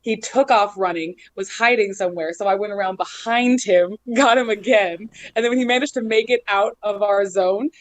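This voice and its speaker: A woman guest telling lively stories in a casual chat, often laughing as she talks. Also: medium pitch, normal speed, hardly any pauses. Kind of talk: casual storytelling.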